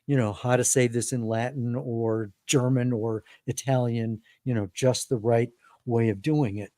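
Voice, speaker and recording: A man's voice: medium pitch, steady tone, unhurried, dark tone, dry recording, studio quality. A man hosting an interview over a video call, asking questions in a friendly, conversational way. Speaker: interview host.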